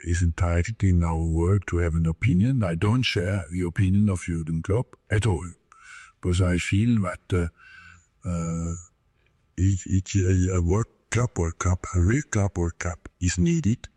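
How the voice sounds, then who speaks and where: A football official giving a firm, deliberate press conference answer. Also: male voice, sits low, warm tone, breathy edge, no echo, studio quality.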